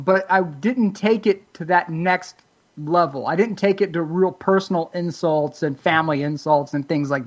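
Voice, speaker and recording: A podcast co-host telling joking stories in casual sports banter. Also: medium pitch. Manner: joking, animated storyteller. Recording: dull lo-fi audio.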